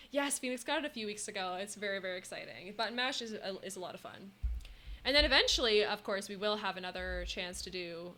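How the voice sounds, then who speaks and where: A bubbly young woman chatting on a live stream, thanking viewers between giggles. Her voice is bright and forward. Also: mid-range voice, slight background noise. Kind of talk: casual live-stream chat.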